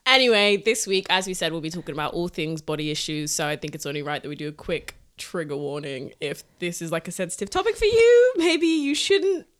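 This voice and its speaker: A young woman co-hosting a podcast in casual chat, chatty and quick to laugh. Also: fairly low pitch, lively intonation. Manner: giggly, chatty, frequent laughter. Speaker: podcast co-host.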